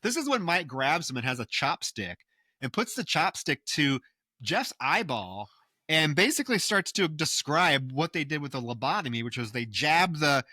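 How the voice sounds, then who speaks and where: Casting: podcast co-host, bright tone, dry close sound, lively retelling. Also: male voice, a little high, normal speed, no echo. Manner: animated retelling with acted quotes. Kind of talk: casual film recap chat.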